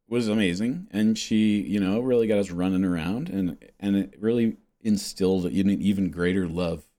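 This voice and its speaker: A man's voice: on the low side, darkish tone. A man hosting a podcast in a rambling casual monologue, meandering and swearing with self-mocking chuckles. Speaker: podcast host.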